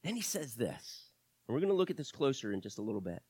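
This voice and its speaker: A middle-aged male pastor preaching a sermon to his church, swinging from loud emphasis to quiet asides, with self-deprecating humor. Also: medium pitch, big pitch swings, fast talker, breathy edge, no room sound.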